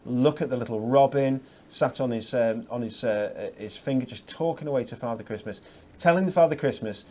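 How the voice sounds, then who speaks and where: A man's voice: mid-range voice, a little fast, warm tone. A man presenting craft products on a shopping channel, chatty and upbeat with lots of fillers. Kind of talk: enthusiastic product demonstration.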